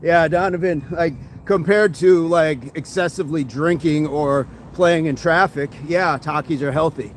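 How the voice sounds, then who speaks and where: A man's voice: on the high side, unhurried, a little hiss or hum. A man hosting a casual fitness livestream outdoors, upbeat, reading viewer comments aloud and answering them between exercise sets. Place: outdoors by a street with passing traffic. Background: passing vehicles and street ambience.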